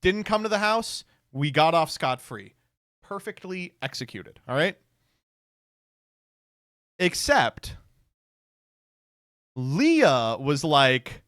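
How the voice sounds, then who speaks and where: A man's voice: sits high, takes it slowly, pauses often, dry recording. A young man spins a college story for his stream, his voice leaping up and down as he acts out the people in it. He is sarcastic and laughs easily, and he sits close to a dry mic. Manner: animated, sarcastic, jumps into quoted voices, laughs often.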